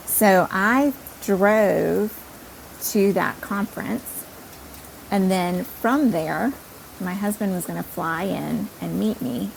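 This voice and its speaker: A woman podcast host telling a personal story in an animated, self-deprecating way. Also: lowish voice, creaky, a little hiss or hum, poor audio.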